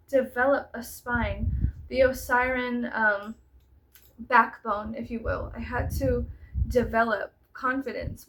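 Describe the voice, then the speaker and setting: A woman in her thirties talking straight to the camera in a casual monologue, blunt and profane, going quiet and then loud. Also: fairly high pitch, poor audio. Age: 30s. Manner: blunt and profane, swinging between soft and loud. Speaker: vlogger.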